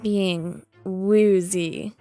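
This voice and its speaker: A woman's voice: medium pitch, steady tone, warm tone, no echo, faint music behind. A woman playing in a tabletop game, hesitant and often laughing as she answers. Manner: slow, hesitant, giggly. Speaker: player.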